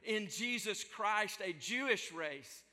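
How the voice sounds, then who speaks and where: A man's voice: high voice, lively intonation, takes it slowly, sharp tone, long reverb tail. A man preaching a sermon as a pastor, emphatic and building phrases through repetition.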